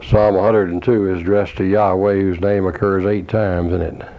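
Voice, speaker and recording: Low, flat-voiced man preaching. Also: lo-fi sound. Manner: measured, scholarly, quoting references with asides. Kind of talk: sermon reading from commentaries.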